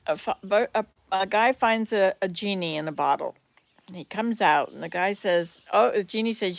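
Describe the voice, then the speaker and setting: An older woman, a grandmother, chatting casually and telling jokes on her vlog, laughing loudly at the punchlines. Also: mid-range voice, measured pace, gravelly, pauses often, muffled recording. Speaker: vlogger. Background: birdsong.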